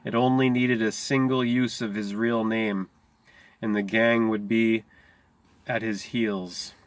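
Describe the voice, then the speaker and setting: A man reading a short story aloud, unhurried, slowing on key phrases and sometimes stumbling over a word. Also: lowish voice, level tone, no room sound. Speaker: reader.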